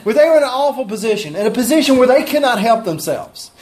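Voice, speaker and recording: A man's voice: extremely high pitch, sing-song, fast talker, darkish tone. A man preaching a sermon, reading scripture and explaining it earnestly with emphasis.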